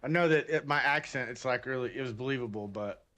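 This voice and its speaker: A man from Texas talks loosely as he plays, tossing jokes to his viewers and grumbling to himself between tasks. His voice sits at an ordinary middle pitch, relaxed and conversational. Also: fast talker. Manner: joking, muttering to himself while playing. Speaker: game streamer. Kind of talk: casual gameplay chat with chat.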